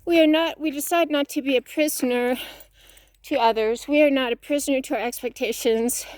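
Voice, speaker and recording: A fairly high-voiced woman talks outdoors as she walks, a little out of breath, giving an earnest, preachy motivational talk that circles back on its own phrases. The sound is close and dry. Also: steady tone, fairly quick, a little mellow, no echo. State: slightly out of breath. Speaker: fitness vlogger. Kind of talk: motivational talk while walking.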